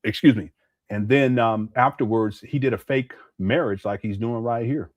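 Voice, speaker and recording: A man's voice: mid-range voice, normal speed, dry recording, lo-fi sound. A man commenting casually on a live stream, laughing often and mocking what he plays.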